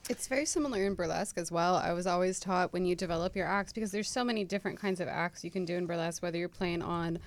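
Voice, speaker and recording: A woman who performs burlesque, chatting briskly and eagerly on a talk show. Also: lowish voice.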